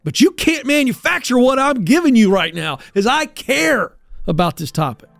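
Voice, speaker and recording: Male talk-show host, higher voice, emphatic and coach-like, dry close studio sound. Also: lively intonation, normal speed, vocal fry, a bit bright, dry recording, soft background music. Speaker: career advice show host. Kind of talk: energetic talk-show monologue.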